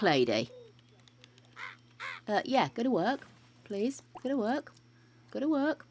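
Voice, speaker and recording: A woman's voice: fairly low pitch, fairly bright tone, slight background noise. An older woman streaming a life-simulation game, chatting casually to her characters and her viewers, with the odd bit of mild swearing. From United Kingdom.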